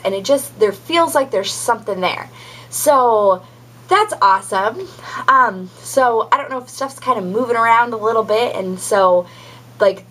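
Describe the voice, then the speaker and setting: A woman's voice: mid-range voice, a bit bright, slightly rough, poor audio. A young adult woman giving a casual pregnancy update vlog, chatty and rambling with many ums and likes. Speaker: vlogger.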